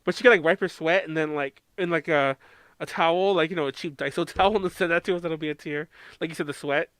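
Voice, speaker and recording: A man's voice: fairly high pitch, fast talker, a bit bright, clear, resonant tone, no echo. An American man co-hosting a podcast in casual chat, rambling, laughing often and swearing freely. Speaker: podcast co-host.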